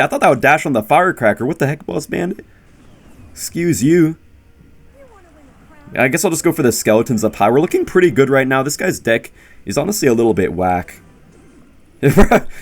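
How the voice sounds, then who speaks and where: Young man, gameplay commentary, jokey, talks to viewers, lively swooping pitch, mid-range voice. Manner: bursts into loud high-pitched exclamations when surprised. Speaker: gaming YouTuber.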